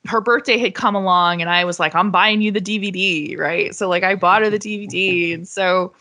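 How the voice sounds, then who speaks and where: A woman's voice: medium pitch, steady tone, brisk, pushed and bright. A woman from Florida, a podcast guest chatting casually, talking in loose runs full of fillers and restarts. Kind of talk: casual chat.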